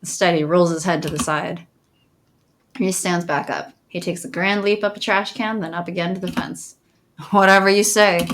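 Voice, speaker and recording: A woman's voice: lowish voice, normal speed, slight background noise. A woman streamer reading a visual novel's narration aloud in a playful tone. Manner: reads game narration aloud in a lively, playful tone. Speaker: let's play streamer.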